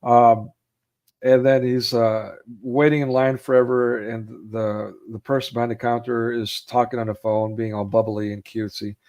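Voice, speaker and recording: A man's voice: medium pitch, level tone, normal speed, darkish tone. A man in casual chat about his favorite movies. He rambles with fillers and acts out quotes in raised voices. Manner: rambling, with many fillers and restarts. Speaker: co-host of a film chat.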